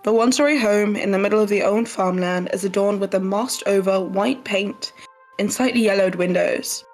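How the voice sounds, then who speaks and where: A woman running a tabletop game, describing the scene to the players in measured narration. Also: medium pitch, a little mellow, soft background music, poor audio. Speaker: game master.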